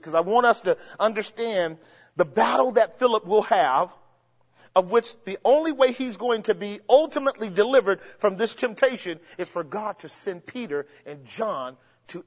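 A man preaching a sermon, emphatic, swinging between shouts and low murmurs and asking the congregation rhetorical questions. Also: moderate pace. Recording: dull sound with long hall reverb.

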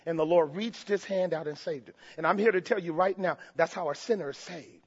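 A man preaching a sermon with passion, moving from hushed low passages to loud shouted cries. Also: a little fast, slightly rough, big-room sound, highs cut off. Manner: impassioned, swings from hushed to shouting.

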